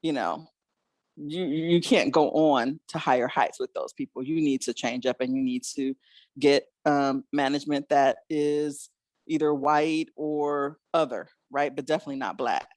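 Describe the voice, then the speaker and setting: A woman's voice: deep voice, steady tone, moderate pace, a little mellow, dry recording. A woman hosting a podcast, chatting reflectively and laughing between thoughts. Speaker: podcast host. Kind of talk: casual podcast discussion.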